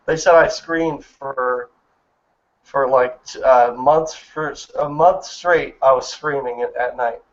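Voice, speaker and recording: A man's voice: medium pitch, slow pace. A man in his thirties telling a personal story in an earnest, emotional way during a casual chat. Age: 30s. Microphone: online voice chat. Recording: muffled lo-fi voice chat audio.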